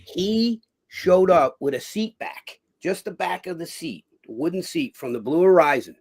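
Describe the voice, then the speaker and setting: A middle-aged man, a former boxer telling stories as a guest in a casual interview. He is an animated raconteur who acts out other people's lines. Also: a little high, a little slow, husky.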